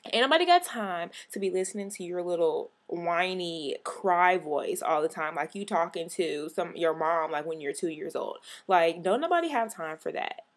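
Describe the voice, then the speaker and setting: A woman's voice: fairly low pitch, expressive, normal speed, hardly any pauses. A young woman vlogger in a sassy, exasperated comic rant to camera, punching out her catchphrase.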